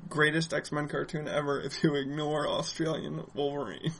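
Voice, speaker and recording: A man's voice: fairly high pitch, steady tone, normal speed, gravelly, a bit bright, slight background noise. A man co-hosting a casual comic-book podcast, telling stories with lots of swearing and laughter. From Irish heritage in the US. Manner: profane, laughing storyteller. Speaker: podcast co-host.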